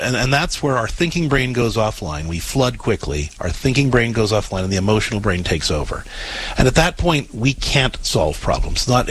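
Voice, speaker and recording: Male radio advice host, husky, earnest, explains patiently with frequent restarts. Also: medium pitch, poor audio. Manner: earnest, explanatory, repeats words when starting sentences. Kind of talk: advice call-in talk.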